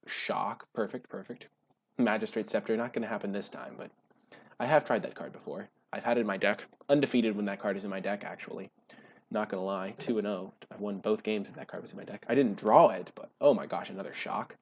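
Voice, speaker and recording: A man giving casual gameplay commentary while drafting cards, gushing and breaking into high excited shouts. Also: brisk, breathy edge. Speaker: card game drafting streamer.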